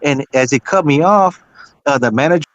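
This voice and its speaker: Profane animated male storyteller, dry sound. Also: fairly high pitch, normal speed, no room sound, dull audio. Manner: profane, animated, acts out quoted dialogue. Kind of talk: casual storytelling chat.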